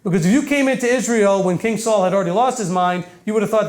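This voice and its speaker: A man with a fairly high voice gives a sermon in an earnest, conversational way. He slows and softens on his main points and lightly acts out the voices he quotes. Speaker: teacher.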